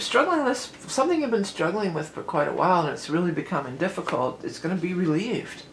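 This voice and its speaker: A woman's voice: lowish voice, roomy sound, low-quality recording. A talkative woman lays out a tarot reading in a loose, rambling way, laughing lightly as she drifts between tangents. Her voice rings around a reflective room, with a faint hiss of background noise underneath. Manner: chatty, rambling, laughs often. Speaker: tarot reader.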